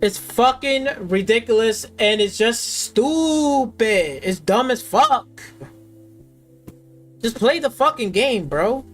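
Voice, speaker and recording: A woman's voice: fairly high pitch, lively intonation, slow, soft background music. A woman streamer ranting with angry, sarcastic, profane commentary at her gaming PC. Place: at a desktop gaming PC.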